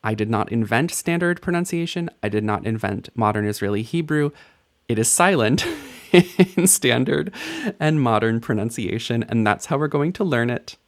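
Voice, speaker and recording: A man's voice: mid-range voice, expressive. A man teaching a Hebrew lesson, patiently sounding out letters and vowels one by one in a playful, lightly joking way. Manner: patient, playful teacher, spells out sounds slowly and repeats words. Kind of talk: recorded language lesson.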